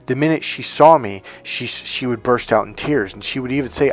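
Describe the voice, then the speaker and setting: A man's voice: mid-range voice, normal speed, faint music behind. A man speaking as a dating coach in a persuasive, emphatic monologue to his viewers. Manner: emphatic, persuasive, acts out quoted voices.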